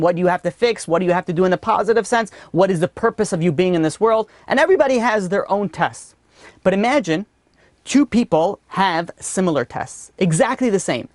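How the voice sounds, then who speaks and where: A man teaching a religious class, telling a story in a lively way with many "you know" asides. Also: sits high, no echo. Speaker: rabbi teaching a weekly class.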